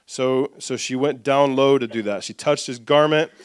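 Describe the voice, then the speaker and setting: A man preaching a sermon, reading scripture aloud and leading the congregation in call-and-response, with soft asides. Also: mid-range voice, normal speed, clear, resonant tone, dry recording, clean studio sound. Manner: lively, drops soft for asides. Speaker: pastor.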